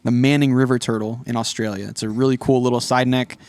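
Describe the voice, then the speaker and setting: A man's voice: mid-range voice, flat delivery, fast talker, darkish tone, dry recording. A man co-hosting a podcast in casual chat, talking hesitantly with many fillers and second-guesses. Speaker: podcast co-host.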